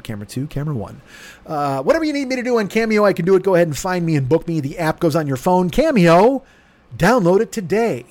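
A man in his fifties hosting his own podcast at home, voice hoarse from yelling, rambling with profane, self-mocking comic patter. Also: high-pitched. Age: 50s. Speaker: podcast host. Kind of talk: casual solo podcast monologue. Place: home room with air conditioner.

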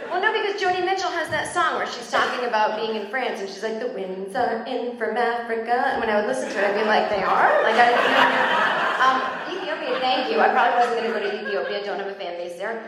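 An American woman in her forties doing loose, rambling stand-up crowd work, joking at her own expense and laughing along with the room. Her voice sits fairly high for a woman. It was taped raw on a phone in the crowd, so the club sounds very echoey, with steady noise and audience laughter behind her. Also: fast talker. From United States. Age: 40s. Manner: chatty, rambling, self-deprecating, bursts into laughter. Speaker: stand-up comedian. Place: comedy club stage before a live audience. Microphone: handheld stage mic, taped on a phone in the crowd.

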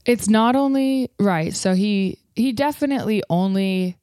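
A woman's voice: mid-range voice, dark tone, dry recording. Chatty woman co-host, dry close sound. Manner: quick, incredulous, laughing asides. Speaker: podcast co-host. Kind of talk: casual chat.

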